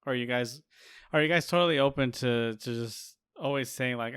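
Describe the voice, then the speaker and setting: Young male podcast co-host, smooth clear voice, dry close mic, rambling and teasing. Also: medium pitch, normal speed, fairly bright tone, dry recording. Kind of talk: casual chat.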